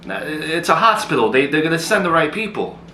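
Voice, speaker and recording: A man acting in a comedy sketch, exasperated and quick to argue back. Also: fairly high pitch, very animated, bright, forceful tone, reverberant, a little hiss or hum, poor audio.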